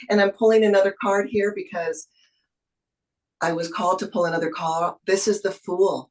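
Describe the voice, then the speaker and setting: A woman's voice: medium pitch, darkish tone, rough recording. A woman tarot reader giving an intuitive reading over a video call, soothing and encouraging, with spiritual phrasing.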